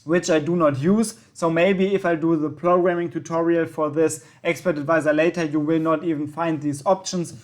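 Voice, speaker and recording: A man's voice: on the high side, steady tone, normal speed, few pauses. A young man, a native German speaker, hosting a screen-recorded trading tutorial and talking casually, correcting himself with frequent ums and yeahs. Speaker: trading channel host.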